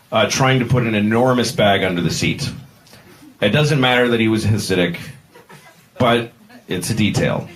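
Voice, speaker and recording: A man doing a stand-up comedy set, rambling and breaking off mid-sentence, acting out characters with sudden shouts. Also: fairly low pitch. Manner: rambling, self-interrupting, acts out characters with shouts. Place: comedy club stage with audience. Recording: noisy live club recording.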